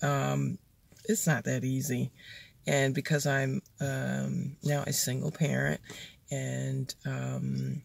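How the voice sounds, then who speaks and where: Middle-aged American woman, gravelly voice, rambling and chatty, acting out her own phone calls. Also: extremely low pitch, monotone, takes it slowly, darkish tone, no room sound. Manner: chatty, many ums and restarts, acts out both sides of phone calls. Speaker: vlogger. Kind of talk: casual vlog storytelling.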